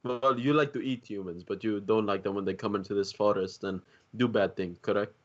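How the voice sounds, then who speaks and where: A man making his case in a tabletop game, calm and measured as he tries to persuade. His voice sits low. The audio is dull and lo-fi. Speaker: player.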